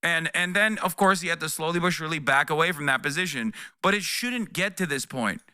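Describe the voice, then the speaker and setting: A man's voice: on the high side, fairly quick, sharp tone, clear, resonant tone, no room sound, clean studio sound. A man streaming live reaction commentary, talking in a profane, sarcastic and exasperated way. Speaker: political streamer.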